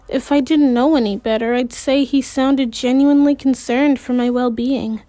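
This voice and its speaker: A woman's voice: fairly high pitch, fairly even intonation, unhurried, hardly any pauses, mellow, dry recording. Woman reading a story aloud, slips and restarts now and then, dry close sound. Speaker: amateur audiobook reader. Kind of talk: reading a novel aloud in first person.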